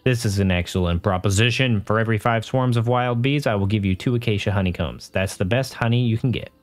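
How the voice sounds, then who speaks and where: Man putting on a cheerful bee shepherd from a fantasy game, perky lilting delivery, pitch lifted a little above a normal speaking voice. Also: fast talker, faint music behind, natural voice. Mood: eager. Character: friendly male bee shepherd villager.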